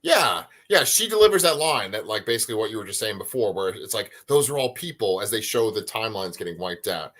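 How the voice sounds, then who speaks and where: A man co-hosting a live review show from a home bedroom over a video call, talking in a casual, animated way and swearing now and then. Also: lowish voice, a little fast, hardly any pauses. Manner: animated, swears casually, tries silly voices. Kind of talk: casual chat.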